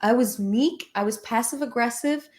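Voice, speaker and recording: A woman's voice: fairly high pitch, normal speed, darkish tone. Woman spiritual teacher, candid personal talk, emphatic and profane. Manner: frank, emphatic, casual swearing.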